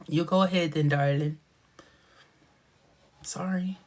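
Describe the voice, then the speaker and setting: Hosting a casual live stream, this man chats with viewers in a playful, sassy way, full of laughter and dramatic asides. His voice sits on the high side, slightly rough, at a normal speed, and he comes across as animated and playful.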